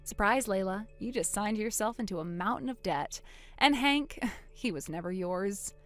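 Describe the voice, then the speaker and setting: A woman voicing a wronged older sister in a dramatized text-message story, speaking quietly and deliberately. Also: mid-range voice, lively intonation, soft background music, close to an everyday voice. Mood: cold.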